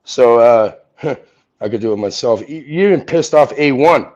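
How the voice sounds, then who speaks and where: A man's voice: medium pitch, lively intonation, normal speed, darkish tone. A man ranting angrily and profanely on a livestream, confronting someone he is arguing with. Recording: dull lo-fi audio.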